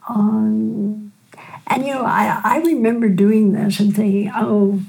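An older woman, a physician and teacher, telling stories in a gentle, unhurried way during a conversation. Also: mid-range voice, steady tone, creaky, poor audio. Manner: gentle unhurried storyteller, frequent "right?". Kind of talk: storytelling in a conversation.

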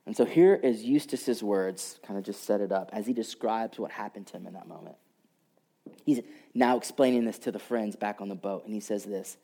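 A man preaching a sermon, telling a story and moving between loud passages and hushed, whispered lines. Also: medium pitch, lively intonation, moderate pace. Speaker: pastor.

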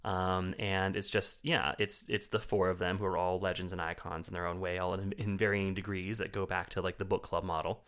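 A man co-hosting a film podcast, chatting casually and telling stories with lively put-on voices. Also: a little fast, hardly any pauses. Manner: animated storyteller, jumps into shrill impressions. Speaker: podcast co-host. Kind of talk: casual film review chat.

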